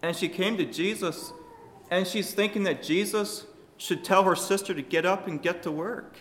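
A man preaching a sermon to his congregation, speaking emphatically and shifting his loudness for emphasis. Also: high voice, moderate pace, in a large hall, slight background noise.

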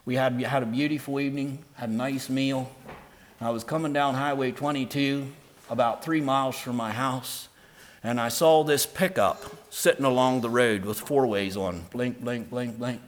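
A man preaching an emphatic sermon and telling a personal story, moving between soft earnest talk and loud, stressed lines. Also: medium pitch, normal speed, slight background noise. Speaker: pastor.

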